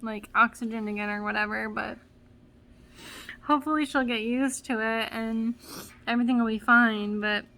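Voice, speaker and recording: High bright-voiced young mom, close to tears. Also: female voice, fairly even intonation, normal speed. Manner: emotional, rambling with many fillers and restarts. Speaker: vlogger mom. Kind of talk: casual vlog talk.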